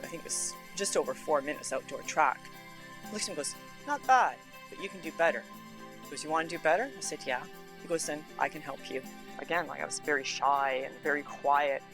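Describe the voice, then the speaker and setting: A woman from Canada, a former cyclist, telling candid stories in a documentary interview. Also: sits low. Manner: candid storytelling, acts out quoted exchanges.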